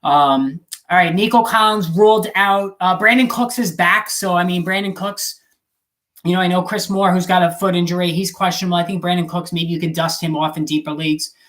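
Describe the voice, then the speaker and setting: A man's voice: sits high, steady tone, fairly quick, a bit bright. A man hosting a live fantasy football stream, answering chat questions in a blunt, casual way and swearing now and then. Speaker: fantasy football show host.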